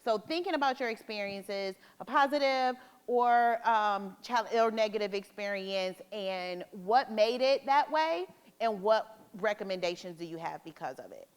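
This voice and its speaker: A woman's voice: medium pitch, unhurried, hardly any pauses, smooth. A woman facilitating a community listening session, guiding and inviting speakers.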